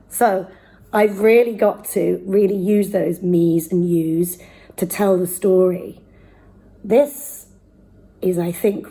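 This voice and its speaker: A woman teaching children how to speak verse, with a mellow, slightly breathy voice. She talks in a lively, emphatic way, leaning on key words and now and then dropping to a near whisper. It has the feel of a friendly at-home lesson. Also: medium pitch, poor audio. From United Kingdom. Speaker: drama teacher.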